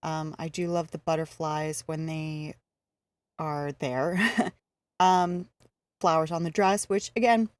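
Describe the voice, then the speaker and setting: A woman's voice: fairly low pitch, no echo. A woman streaming a video game live, talking it through in a casual, easygoing way with frequent hesitations.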